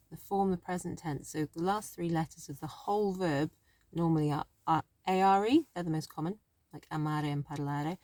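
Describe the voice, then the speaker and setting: A woman's voice: lowish voice, a little mellow, dry recording. A woman teaching a language lesson in a chatty, thinking-aloud way, often correcting herself as she explains. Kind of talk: casual spoken lesson.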